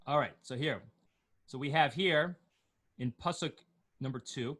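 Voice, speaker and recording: A middle-aged man teaching Torah reading over a video call, chanting cantillation note names slowly and breaking off into quick spoken explanations. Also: mid-range voice, a bit bright. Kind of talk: online class, chanting cantillation notes.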